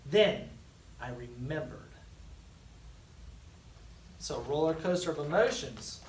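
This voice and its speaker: A school staff member reading a children's book aloud, slow and expressive, with dramatic pauses and a very lively pitch. The voice sounds distant in an echoey room with faint background noise. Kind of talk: storybook read-aloud.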